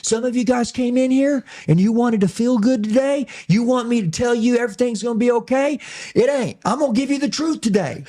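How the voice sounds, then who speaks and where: A man imitating a blunt, fiery male preacher who talks loud and direct. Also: very high voice, fairly quick, voice pushed up. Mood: fiery preaching. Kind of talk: imitation of a sermon.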